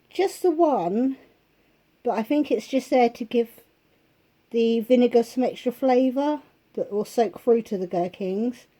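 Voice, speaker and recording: A woman with a heavy cold, her voice going hoarse, chatting casually through a grocery haul at home. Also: a little high, mellow. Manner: chatty, listing prices, pausing to think. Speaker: vlogger. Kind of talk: casual shopping haul chat.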